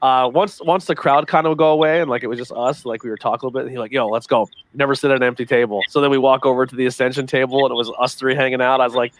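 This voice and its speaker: Fast-talking podcast host man. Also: medium pitch. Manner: excitable, swears freely. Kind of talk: casual chat.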